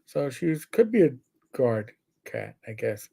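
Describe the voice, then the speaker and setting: A man chats loosely on a live stream. He rambles through stories with easy swearing, at a middling pitch. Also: big pitch swings, slow pace, vocal fry, dark tone, husky. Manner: rambling storyteller, swears casually, imitates his cat. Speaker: co-host of a gaming health live stream. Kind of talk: casual chat.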